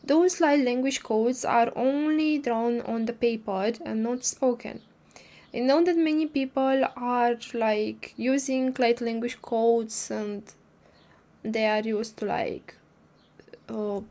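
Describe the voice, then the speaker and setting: A woman's voice: on the high side, steady tone, takes it slowly, mellow. A woman hosting a casual livestream, talking hesitantly with many fillers and restarts while recovering from a cold. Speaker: livestream host. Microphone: streaming microphone.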